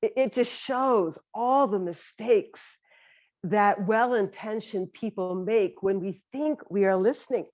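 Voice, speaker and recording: A woman meditation teacher speaks very slowly and gently, pausing between short phrases in a reflective talk. Her voice sits at a middle pitch. The recording is slightly dull and lo-fi.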